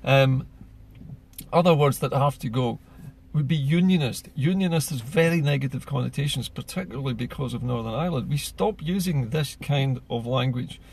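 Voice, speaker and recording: A Scottish political commentator delivers an earnest, persuasive monologue packed with rhetorical questions. His medium-pitched voice moves at a moderate pace and is creaky, slightly rough, and darkish in tone.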